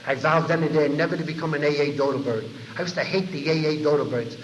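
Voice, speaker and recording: A man tells his story at a recovery meeting, rattling along at a fast clip and acting out other people's lines as he goes. His voice sits a little high for a man. The 1990 tape sounds muffled, and his words ring out with a long hall reverb. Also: slight background noise. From New York. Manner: animated storyteller who acts out others' lines. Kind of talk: storytelling talk to a large audience. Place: large convention hall.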